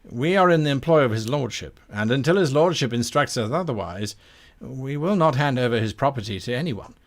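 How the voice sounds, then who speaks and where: A man's voice: medium pitch, lively intonation, fairly quick, lightly acted. A man voicing a dutiful male guard captain who speaks in formal, unbending sentences. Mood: stern, formal.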